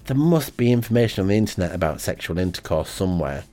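A man rambles through a comic monologue as the host of an amateur radio show. His voice sits fairly low, and his delivery is deadpan and hesitant, thick with ums. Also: fast, faint music behind.

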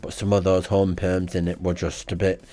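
A man reading out a comic diary in a deadpan, rambling way. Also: deep voice, normal speed. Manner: deadpan and rambling, with frequent ums. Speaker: comedy podcast host.

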